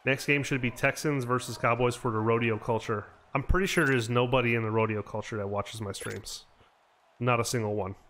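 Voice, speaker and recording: A man's voice: medium pitch, steady tone, brisk, a bit bright, slight background noise. A man from Chicago streaming a football video game, joking and trash-talking with chat. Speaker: gaming streamer. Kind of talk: casual live-stream commentary.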